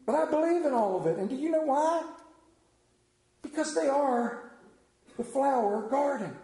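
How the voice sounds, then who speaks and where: A high-voiced male preacher giving a Mother's Day sermon. He is folksy and self-mocking, and tells jokes in a storytelling way. His voice rings through a roomy hall. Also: lively intonation, moderate pace, warm tone.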